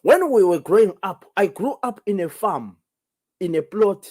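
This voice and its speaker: A high-pitched, expressive, slightly mellow male voice moving at normal speed belongs to a Zimbabwean native Ndebele speaker. He delivers solo commentary on a call-in show, stressing his points, firing rhetorical questions and going over the same ground again.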